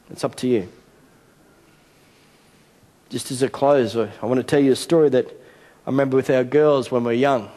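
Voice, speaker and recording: Pastor preaching in a reverberant church hall. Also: male voice, mid-range voice. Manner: animated storytelling, acting out a child's game. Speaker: senior pastor. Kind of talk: sermon.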